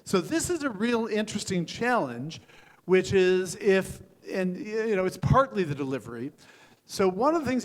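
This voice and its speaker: An older man, a venture capitalist, giving frank, joking feedback on startup pitches, with many restarts and fillers. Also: animated, a little slow. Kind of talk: live pitch coaching. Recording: hall reverb.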